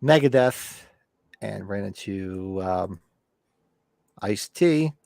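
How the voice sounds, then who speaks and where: A man's voice: fairly low pitch, expressive, extremely slow, creaky, a little mellow, no room sound, clean studio sound. A middle-aged man co-hosting a podcast, telling rambling anecdotes in casual chat and acting out what people said. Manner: rambling anecdotes, acts out quotes. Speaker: podcast co-host.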